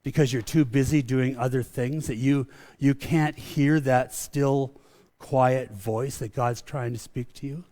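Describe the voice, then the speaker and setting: A man's voice: medium pitch, fairly even intonation, unhurried, a little mellow. A man preaching a sermon in a conversational way, often repeating and restarting words, and calling his own preaching a rant. He sounds middle-aged and speaks as the pastor of his church.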